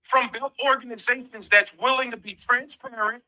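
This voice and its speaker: A man's voice: very high-pitched, steady tone, moderate pace, sharp tone, poor audio. A man co-hosting a livestream, interviewing a guest in an earnest, slightly formal way. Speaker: co-host interviewer.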